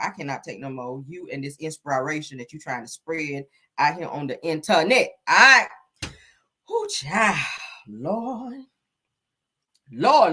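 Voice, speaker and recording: A woman's voice: medium pitch, fairly bright tone. A woman hosting a gossip livestream, talking sassily with drawled asides and frequent laughter. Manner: sassy and drawling, peppered with "honey" and "child"; laughs often while mocking. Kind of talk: casual live commentary.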